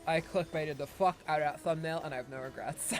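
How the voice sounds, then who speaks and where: Chatty game streamer, high voice. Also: male voice, fairly quick, faint music behind. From Ireland. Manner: rambling, chatty, swears and laughs often. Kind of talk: casual livestream chat.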